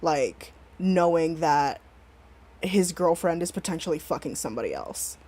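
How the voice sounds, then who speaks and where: A woman's voice: low voice, lively intonation, a little slow, dark tone, breathy edge. A woman hosting a stream in casual chat, blunt and profane, rambling with many restarts. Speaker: stream host.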